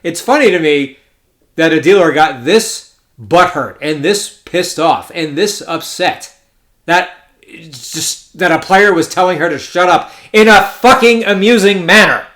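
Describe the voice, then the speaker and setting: A man's voice: high voice, expressive, a little slow, a bit bright. A young adult man hosting a casual solo podcast, telling a story in a sardonic, profane, rambling way and correcting himself as he goes. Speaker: poker podcast host.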